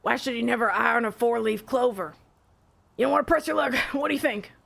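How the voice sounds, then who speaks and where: An actor voicing a friendly, joke-cracking male pub keeper in a game, with a gravelly voice. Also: medium pitch, brisk, a bit bright. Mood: jovial. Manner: jovial, cracking jokes. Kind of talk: game voice acting.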